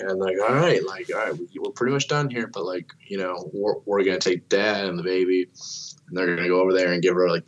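A man's voice: low-pitched, a bit bright, slight background noise. A young man casually telling a long story, swearing a lot, filling his speech with "like" and acting out what people said. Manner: swears a lot, fillers like "like", acts out dialogue.

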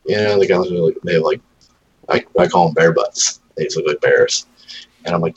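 A man with a very low, deep voice chats casually with a friend. He rambles through stories, swears freely and slips into voices to mimic his pets. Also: fairly quick, muffled recording. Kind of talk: casual chat.

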